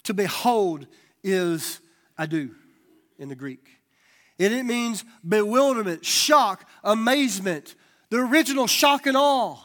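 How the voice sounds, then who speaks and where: Male preacher, high-pitched, lively and conversational from the pulpit. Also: measured pace. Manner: animated preaching with folksy asides. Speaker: pastor. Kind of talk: sermon.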